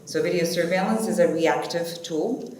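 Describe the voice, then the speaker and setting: A woman's voice: fairly low pitch, normal speed, darkish tone. A woman moderating a conference panel, chatty and informal. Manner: chatty, informal, uses fillers. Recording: echoey conference hall, faint noise.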